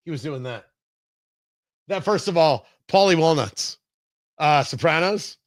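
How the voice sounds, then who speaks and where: A man's voice: a little high, expressive, normal speed, a bit bright, no echo, clean studio sound. A male talk show host giving opinionated political commentary in an emphatic, sarcastic and digressive way.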